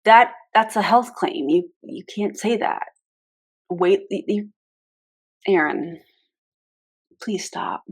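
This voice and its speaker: A woman's voice: medium pitch, takes it slowly, long pauses. Sarcastic woman laughing through reaction commentary. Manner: sarcastic, laughs often, frank asides. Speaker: channel host reacting to an old clip.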